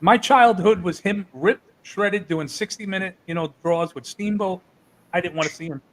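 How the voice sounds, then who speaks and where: A man who runs wrestling shows, from New Jersey, telling animated, profane stories in a casual interview. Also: sits high, moderate pace, poor audio. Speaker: wrestling promoter.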